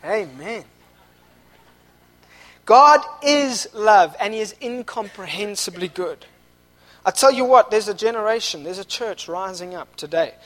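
A young male preacher with a strikingly high voice delivers a sermon at a church service. He moves between soft, low stretches and passionate shouted peaks. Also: expressive, a little slow, long pauses. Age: young adult. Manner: impassioned, swinging from quiet to shouting.

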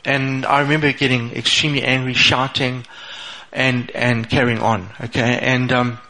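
A man's voice: mid-range voice, level tone, moderate pace, pushed and bright, rough recording. A middle-aged man gives an informal motivational talk, sharing a personal story and asking "okay?" again and again. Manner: conversational, repeats "okay?" often, restarts phrases. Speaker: speaker sharing a personal testimony.

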